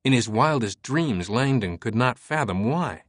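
A man narrates an audiobook from a script in a measured, even storytelling manner. His voice is mid-range, and the studio sound is clean with no echo.

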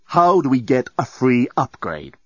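A man's voice: mid-range voice, sing-song, unhurried, fairly bright tone, slightly rough, dry recording, full character voice. A man voicing a flustered, sarcastic man given to histrionics in an audiobook, stammering, on a dry, slightly dull recording. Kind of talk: audiobook character voice.

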